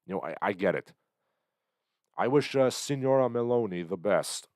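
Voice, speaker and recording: A man hosting a livestream, commenting on the news in a sardonic, halting way with lots of fillers, still getting over an illness. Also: fairly low pitch, animated, a little mellow, no room sound. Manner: sardonic, hesitant with many fillers. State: recovering from illness, coughing. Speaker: livestream host.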